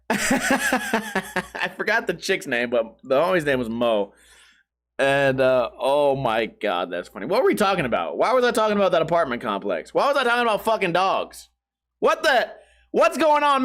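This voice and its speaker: A man in his thirties, a vlog host, telling rambling stories in a slangy, swearing, casual way, laughing often and losing his train of thought. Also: sits high. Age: 30s. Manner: slangy and animated when retelling stories.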